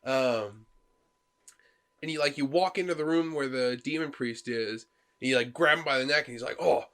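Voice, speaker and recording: Speaking at medium pitch and a moderate pace, this man co-hosts a casual video game podcast. He's an animated storyteller who acts out what the characters say while recounting events.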